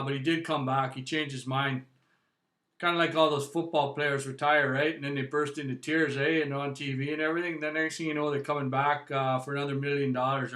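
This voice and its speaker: Canadian male host, casual rambling delivery, bright tone, roomy echo. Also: mid-range voice. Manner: chatty, rambling, frequent "eh" and "right". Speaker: music vlog host. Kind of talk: casual vinyl review.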